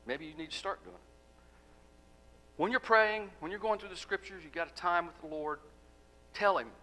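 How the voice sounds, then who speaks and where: Bright-voiced male pastor preaching. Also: sits high, normal speed, pauses often, low-quality recording. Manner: emphatic, rhetorical questions, drops to soft endings. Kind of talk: sermon.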